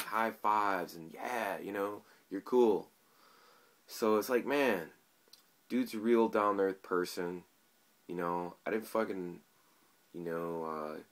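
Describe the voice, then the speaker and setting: A man's voice: on the low side, fairly bright tone. A man talking casually to his viewers in a vlog, rambling and swearing loosely. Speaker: YouTube commentator. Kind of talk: casual vlog talk to camera.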